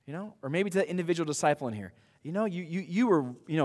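A man's voice: a little high, quick pace. Casual preaching man in a reverberant church. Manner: conversational, animated preaching with asides. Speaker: pastor. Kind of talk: sermon.

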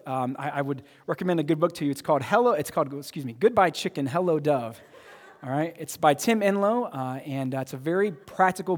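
Man, pastor, conversational sermon, slightly high voice, reverberant church hall. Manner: conversational, repeats words, asks the congregation questions. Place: church sanctuary.

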